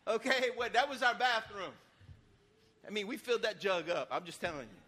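A man preaching a sermon in church, lively and folksy, with sudden loud bursts and casual asides. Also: sits high, brisk. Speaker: pastor.

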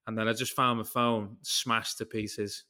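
A man's voice: on the low side, little pitch movement, measured pace, pushed and bright. Rambling British man, casual swearing. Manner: rambling storyteller, swears casually, jumps between tangents. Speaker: podcast host. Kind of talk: casual chat.

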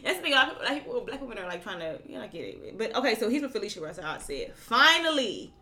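Woman co-host, bright forceful voice, reads the news and pushes back firm in casual chat. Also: mid-range voice, big pitch swings, rapid-fire. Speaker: podcast co-host.

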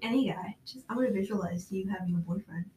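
A woman's voice: medium pitch, quick pace, dark tone, a little hiss or hum, poor audio. A young woman in casual chat with a friend, laid-back and teasing, acting out imagined conversations. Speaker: friend chatting.

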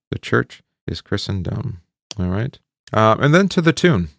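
Low, gravelly man teaching a hymn. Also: lively intonation, moderate pace, no room sound, studio quality. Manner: conversational, many fillers and asides. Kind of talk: informal hymn study talk.

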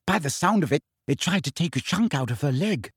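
A man's voice: fairly high pitch, lively intonation, fairly quick, breathy edge, no room sound, studio quality. A man voicing a clever, bad-tempered teenage schoolgirl in an audiobook, snappish and clipped. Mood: irritated. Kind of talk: audiobook character voice.

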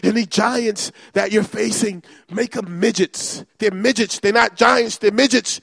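Guy preaching hard, high gravelly voice, dry close sound. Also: steady tone, unhurried, few pauses, no echo. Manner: fervent, repetitive preaching that builds to shouts. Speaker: pastor. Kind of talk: sermon.

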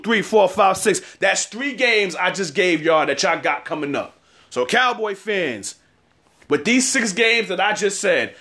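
A man's voice: high voice, pushed and bright. A man in his thirties giving a casual sports opinion segment, trash-talking rival fans with lots of repetition. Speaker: sports commentator.

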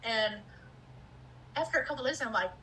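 A woman's voice: a little high, expressive, moderate pace, pushed and bright, slight background noise, low-quality recording. A woman in her fifties telling a candid personal story, acting out her own inner voices and swearing casually. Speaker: speaker sharing personal experience.

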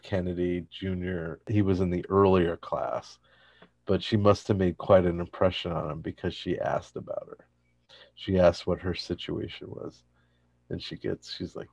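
Low gravelly guy retelling a sitcom episode, husky, dry sound. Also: no room sound. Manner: animated retelling, acts out quoted lines. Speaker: podcast co-host recapping an episode. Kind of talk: casual chat, retelling a sitcom plot.

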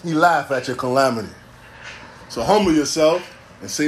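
A man in his forties delivering a casual comedic monologue, animated, preachy and full of profanity. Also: on the high side, normal speed, a little hiss or hum. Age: 40s.

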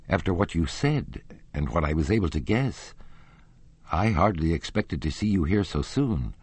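A man's voice: low voice, a little mellow, breathy edge, no echo. A man voicing an earnest, formal young nobleman in an audiobook. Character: earnest young nobleman, anxious but firm.

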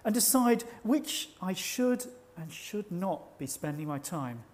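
A man preaching a sermon at a church service, measured and reflective, slowing down to stress key words. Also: sits high, expressive. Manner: measured, reflective, slows for emphasis.

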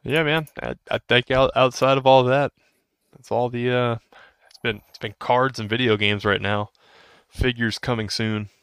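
A man's voice: mid-range voice, fairly even intonation, moderate pace, a bit bright, clean tone, no echo, clean studio sound. A man in his thirties co-hosting a podcast, rambling casually with restarts and laughs. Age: 30s. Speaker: podcast co-host. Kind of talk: casual chat.

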